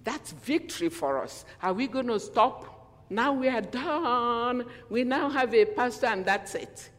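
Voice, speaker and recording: A man preaching a sermon in a church, animated and acting out quotes in different voices, often asking the congregation questions. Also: very high-pitched, a little slow. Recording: long hall reverb.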